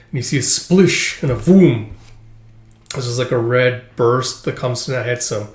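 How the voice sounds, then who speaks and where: A man's voice: medium pitch, a little slow. Male host, laid-back read-along commentary, filler-heavy, roomy sound. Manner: casual, filler-heavy narration. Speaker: manga reader and commentator. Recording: roomy echo.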